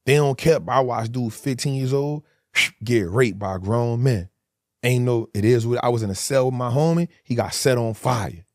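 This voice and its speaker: A man's voice: mid-range voice, moderate pace, darkish tone, no echo, clean studio sound. A man in his forties, a guest telling hard stories in a candid interview, emphatic and full of street slang.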